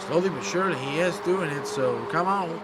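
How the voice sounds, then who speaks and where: A man giving excitable, emotional commentary on a sim racing stream, breaking into exclamations. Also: fairly high pitch, a little fast. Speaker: race commentator. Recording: noisy with engine sounds behind. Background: racing car engines.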